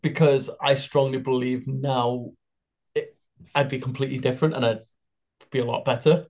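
A man's voice: mid-range voice, flat delivery, normal speed, a little mellow. A man co-hosting a podcast, talking in an easygoing casual way with the odd swear. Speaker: podcast co-host. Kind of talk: casual chat.

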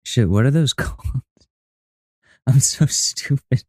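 A man's voice: medium pitch, takes it slowly, darkish tone, no room sound, clean studio sound. A young man hosting a podcast, reacting to a video with mocking, profane, rambling commentary. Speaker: podcast host.

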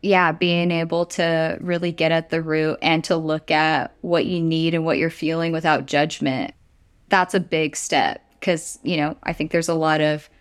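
A woman hosting a podcast in casual chat, reflective and encouraging. Her voice is deep and smooth. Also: level tone, normal speed. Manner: reflective, encouraging, light laughs. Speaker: podcast host.

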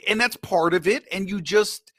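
A man's voice: high-pitched, moderate pace, fairly bright tone, dry recording, clean studio sound. A man, a podcast guest, telling a story in casual chat, talking in slang and keeps asking "you know what I mean".

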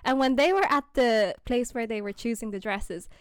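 A woman's voice: fairly high pitch, normal speed, clear, resonant tone, no echo, studio quality. A young woman chatting casually and telling a story with lots of laughter and quoted voices. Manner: animated storytelling, laughs often, acts out quotes. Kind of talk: casual chat.

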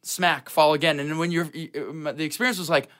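A man's voice: fairly high pitch, brisk. A man co-hosting a podcast, telling a funny personal story in casual chat and punctuating it with spoken sound effects. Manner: animated, with sound effects like bam and smack.

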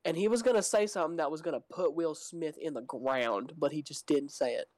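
A young man co-hosting a podcast in casual chat, jokey, with quick asides and puns. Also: fairly high pitch, darkish tone, no room sound. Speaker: podcast co-host.

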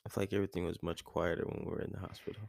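A man's voice: low voice, little pitch movement, very fast, vocal fry, darkish tone, no echo, studio quality. A young man co-hosting a casual chat, laid-back and slangy. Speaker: podcast co-host.

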